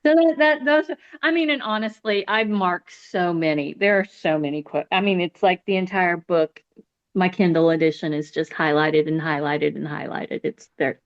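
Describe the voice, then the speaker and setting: A woman's voice: on the low side, normal speed. An American woman chatting enthusiastically on a book podcast, often restarting her sentences. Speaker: podcast co-host, book fan. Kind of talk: casual book-club chat. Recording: lo-fi, dull sound.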